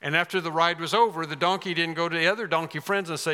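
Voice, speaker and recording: Bright-voiced preacher in a reverberant hall. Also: male voice, on the high side, fairly even intonation, fast. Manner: emphatic, repeats phrases for effect. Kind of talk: sermon.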